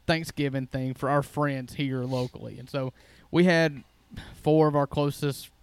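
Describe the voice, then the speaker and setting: A man's voice: medium pitch, fairly even intonation, measured pace, smooth. A man, co-hosting a podcast and telling folksy, jokey stories in casual chat. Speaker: podcast co-host.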